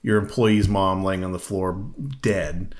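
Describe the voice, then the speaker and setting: A man's voice: sits low, flat delivery, measured pace. A man co-hosting a casual podcast, retelling scenes with wry humor and mocking quoted voices. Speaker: podcast co-host. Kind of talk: casual movie review chat.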